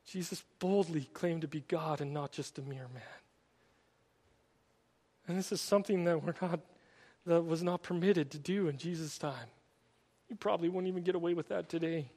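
A man preaching a sermon, retelling stories in an animated, storytelling way with many repeated "and"s. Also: fairly high pitch, moderate pace, long pauses. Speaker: pastor. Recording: long hall reverb.

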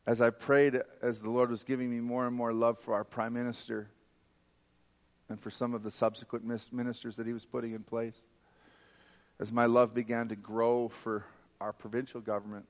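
A man's voice: medium pitch, level tone, moderate pace. Fervent man preaching. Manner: fervent, emphatic preaching with personal testimony. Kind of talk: sermon.

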